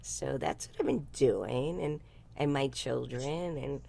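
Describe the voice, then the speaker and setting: Blunt older woman, low gravelly voice. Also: slow, warm tone. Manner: blunt, salty, laughs often. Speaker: guest speaker. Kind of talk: casual video-call chat.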